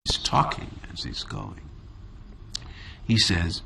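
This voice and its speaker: A man from the Bahamas with a Caribbean accent, telling a reflective story in an interview in a measured, thoughtful way with drawn-out pauses. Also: fairly low pitch, sing-song, vocal fry, slight background noise. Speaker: interview guest.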